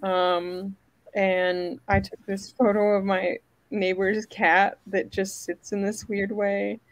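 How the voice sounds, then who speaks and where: A woman co-hosting a casual chat, talking in a halting way full of "like" and "um". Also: mid-range voice, little pitch movement, no echo, poor audio. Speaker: co-host, photographer.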